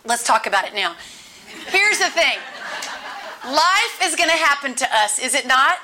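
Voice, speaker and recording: A woman's voice: sits high, expressive, moderate pace, noisy background. A woman giving a conversational sermon as a Bible teacher, emphatic, repeating key phrases and adding chatty asides.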